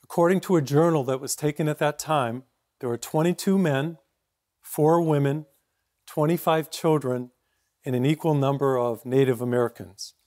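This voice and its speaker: A man in his sixties from Massachusetts, a priest giving a sermon in a steady, reflective storytelling way. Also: fairly high pitch, moderate pace.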